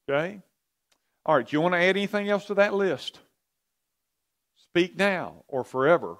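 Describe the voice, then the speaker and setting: A pastor or Bible teacher with a high, creaky, slightly bright voice leads an interactive church teaching at a moderate pace. His intonation is lively and his tone conversational as he asks the audience questions, often repeating himself.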